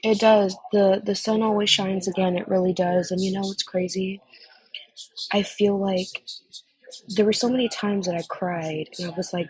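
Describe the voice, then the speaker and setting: A woman's voice: mid-range voice, steady tone, moderate pace, darkish tone, husky, rough recording. A young woman on a casual phone chat, gushing and emotional, calling the listener honey.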